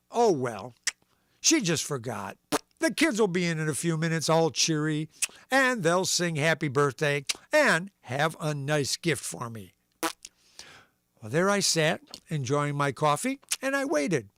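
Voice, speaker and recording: Male livestream host, lively storyteller, slightly high voice, dry recording. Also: measured pace, no room sound. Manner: animated storyteller, voicing characters and sound effects. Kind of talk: reading a comic story aloud on a livestream.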